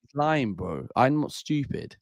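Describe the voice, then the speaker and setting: A man's voice: mid-range voice, big pitch swings, a little slow, creaky, a crowd in the background. A man hosting a casual call-in livestream, talking bluntly and tagging lines with bro and mate. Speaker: livestream host.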